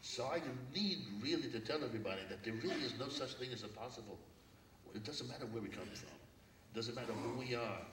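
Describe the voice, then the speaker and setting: A man's voice: medium pitch, fast, very noisy. An older man from Brooklyn, a guest speaker telling stories at a public forum, earnest and reflective. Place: lecture hall. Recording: echoey hall from far off.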